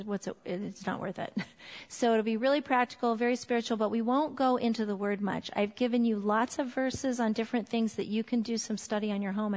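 A woman in her forties giving a church talk on parenting, chatty and full of fillers. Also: mid-range voice. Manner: warm, chatty, laughs often, many fillers. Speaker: women's ministry speaker. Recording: long hall reverb.

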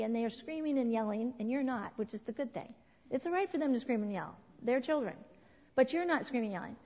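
A middle-aged woman leading a church parenting class. She talks in an animated way, asks the group questions and acts out what people said. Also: fairly high pitch, a little fast. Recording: dull lo-fi sound with long hall reverb.

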